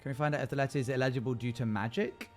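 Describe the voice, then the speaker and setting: A man narrates a tabletop adventure as game master, his voice sitting at an ordinary middle pitch. He lingers over descriptions at a deliberate pace, then slips into casual asides to his stream chat. Soft music plays faintly underneath. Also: fairly even intonation.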